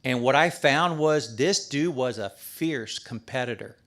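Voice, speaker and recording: A middle-aged priest giving a talk at a men's prayer breakfast, in a folksy, emphatic conversational sermon. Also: male voice, medium pitch, lively intonation, measured pace, a bit bright. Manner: folksy and emphatic, with restarts and asides.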